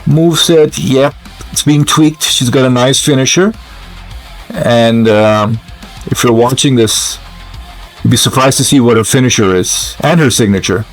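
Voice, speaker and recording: A man's voice: medium pitch, unhurried, soft background music. A man giving casual, musing gameplay commentary, hesitant and full of fillers as he thinks aloud. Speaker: gamer commentator.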